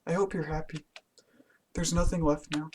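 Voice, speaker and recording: A man voicing an anguished teenage girl club president, reading her lines in a tearful, pleading falsetto. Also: flat delivery, normal speed, a little hiss or hum, lightly acted. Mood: bitter. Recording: loud game music under voice.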